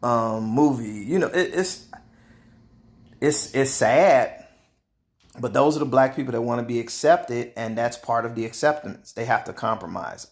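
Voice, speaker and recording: Animated man giving his opinions. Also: mid-range voice. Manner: animated, laughs often, repeats words. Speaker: vlogger. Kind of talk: casual opinion monologue.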